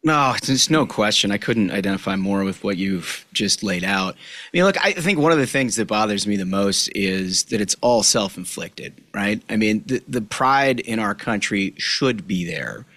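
A man's voice: on the low side, lively intonation, normal speed, fairly bright tone, no echo. A man from Minnesota, a podcast co-host, talking earnestly and agreeably in a casual political chat.

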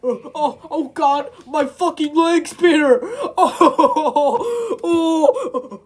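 A woman with a high voice improvises a comic role-play over chat. She talks frantically, breaking into yells and laughter. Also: lively intonation, very slow.

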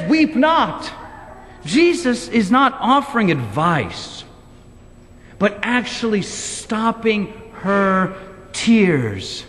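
A pastor delivers a sermon from the pulpit in a fairly high, fairly bright voice whose pitch swings widely as he presses his rhetorical questions. He speaks slowly and deliberately, and the church sanctuary gives his words a long reverb.

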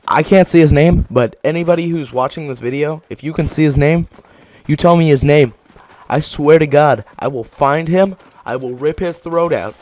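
A man giving joking commentary over his own gameplay, mostly deadpan and mock-serious, with sudden excited outbursts. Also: medium pitch, slight background noise. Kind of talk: joking live game commentary. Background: game gunfire and explosions.

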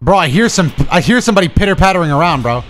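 A young man streaming a video game, talking to himself in excitable, profane commentary. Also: high voice, racing, soft background music. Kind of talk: casual gameplay commentary.

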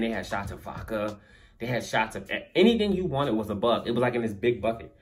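Speaking briskly in a lowish voice over music, this young vlogger recounts something funny that happened to him. He keeps it slangy and relaxed, chuckling through his story-time monologue to the camera.

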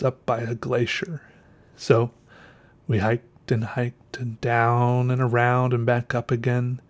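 A podcast host with a darkish mid-range voice spins a casual, rambling tale, frequently backtracking to correct himself. Slightly breathless, he tends to trail off with filler words.

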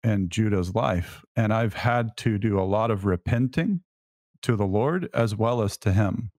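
Earnest man, fairly low voice. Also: unhurried, a little mellow, no echo, clean studio sound. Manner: earnest, reflective storytelling. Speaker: podcast co-host. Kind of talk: faith podcast conversation.

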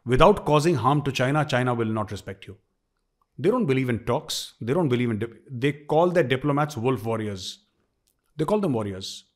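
A man's voice: medium pitch, animated, moderate pace. A middle-aged man with an Indian accent, giving emphatic opinion commentary and repeating phrases for stress.

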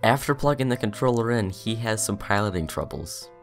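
A man reading dry scripted narration between gameplay clips in a flat, matter-of-fact way. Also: lowish voice, brisk, music in the background. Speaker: video editor narrating.

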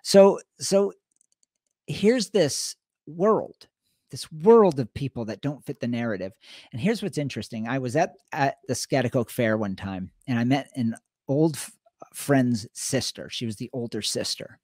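A man's voice: medium pitch, unhurried, dry recording, studio quality. Middle-aged man telling stories on a podcast. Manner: storytelling, animated retelling of conversations. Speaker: podcast co-host. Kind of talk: casual conversational podcast talk.

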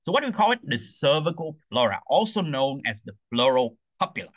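A male lecturer with a bright, forward voice that climbs and dips as he explains. He checks in with his listeners by adding "okay?" after each point and poses questions before answering them himself. The recording is dry and close, with no room sound. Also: mid-range voice, brisk, dry recording, low-quality recording. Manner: lively, repeats "okay?" to check understanding. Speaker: anatomy lecturer.

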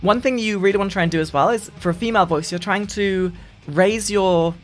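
Casual voice-training tutorial, mid-pitched sing-song speaker, frequent restarts, faint music underneath. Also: a little fast. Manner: lively, sing-song delivery with frequent restarts, dropping into deep demo voices. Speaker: gaming streamer explaining voice training.

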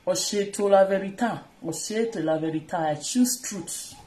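A woman's voice: mid-range voice, normal speed, roomy sound, noisy background. A woman with a Nigerian accent chatting casually and teasingly while doing chores in her kitchen, rambling and switching between languages. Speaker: vlogger. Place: home kitchen.

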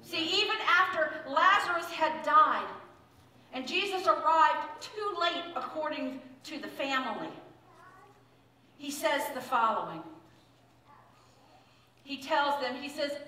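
Speaking slowly with long pauses, this woman pastor has a high, expressive voice that sounds pushed and bright. She gives a conversational sermon in the church sanctuary, acting out quotes as she tells the story. The room is echoey, picked up by a distant mic.

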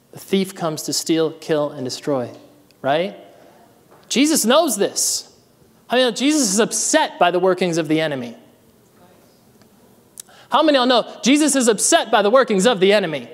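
Fairly high-voiced preaching pastor in reverb. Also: male voice. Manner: reads scripture aloud, then preaches with rising energy and calls to the congregation. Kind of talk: sermon. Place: church sanctuary.

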